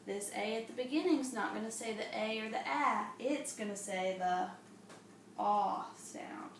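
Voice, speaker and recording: A woman teaching an early reading lesson to young children, with a slow, patient and encouraging classroom tone. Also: on the high side. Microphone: camera a few steps away. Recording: echoey room from a distance, faint hum.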